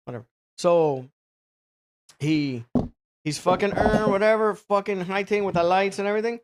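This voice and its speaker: Host, male, high pitch, rambling profane anecdote with lots of "like" and acted-out bits. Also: normal speed, a little hiss or hum. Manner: rambling, profane, full of filler words; animated, acts out other people. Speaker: podcast host. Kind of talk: casual storytelling.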